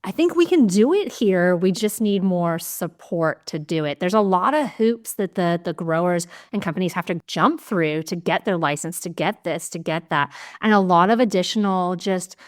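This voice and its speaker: Lower-pitched woman hosting a podcast. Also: normal speed, hardly any pauses. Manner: candid, animated storytelling with swearing. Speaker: podcast host. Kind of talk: casual conversational interview.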